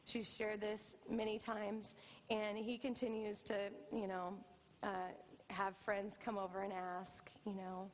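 A middle-aged woman pastor preaching a sermon, telling a family story with lively, animated delivery. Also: medium pitch, a little slow, big-room sound, slight background noise. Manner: storytelling, animated, acts out quoted voices. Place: church.

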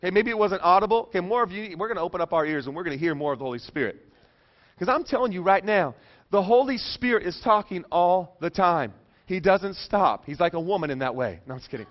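A middle-aged man delivers a sermon as a rambling personal story, cracking jokes and then going hushed for the tender parts. His voice sits a little high for a man. The recording is dull and lo-fi. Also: fast. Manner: animated, joking, drops soft and low for emotional parts. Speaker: pastor. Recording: dull lo-fi sound.

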